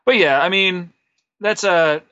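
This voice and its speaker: Bright-voiced rambling guest, dry lo-fi sound. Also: male voice, high-pitched, takes it slowly, dry recording. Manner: rambling, filler-heavy, self-deprecating. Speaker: podcast guest, wrestler and musician. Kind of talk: casual interview storytelling.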